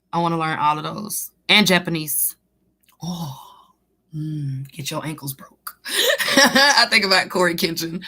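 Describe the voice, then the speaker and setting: Bright-voiced woman rambling on a live stream. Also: fairly low pitch. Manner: rambling, profane, laughs often, trails off. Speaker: live stream host and tarot reader. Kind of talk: casual live stream chat reading comments.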